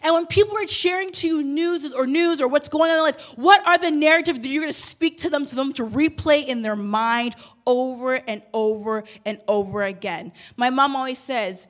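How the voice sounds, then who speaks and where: A woman's voice: sits high, normal speed. A woman in her thirties preaching a sermon, telling a personal story with bursts of emotion. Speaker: pastor.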